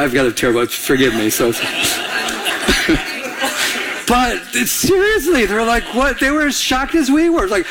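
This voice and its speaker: An animated man preaching a sermon, his fairly high voice rising as he tells the story. He laughs at himself now and then as he preaches. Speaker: pastor.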